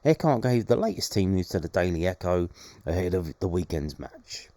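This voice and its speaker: A man's voice: low voice, lively intonation, normal speed, warm tone, no echo. A man hosting a daily football news podcast, reading out reports and adding sarcastic asides. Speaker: podcast host.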